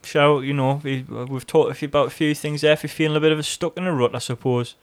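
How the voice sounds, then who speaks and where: A man's voice: a little high, fairly even intonation, quick pace. A man with a North East English accent, co-hosting a podcast in casual banter, swearing freely and joking around. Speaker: podcast co-host.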